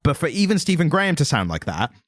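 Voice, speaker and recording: A man's voice: a little high, sing-song, fast, no echo, clean studio sound. Rambling English man on a podcast. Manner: meandering, hedging with fillers. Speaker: podcast co-host. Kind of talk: casual chat.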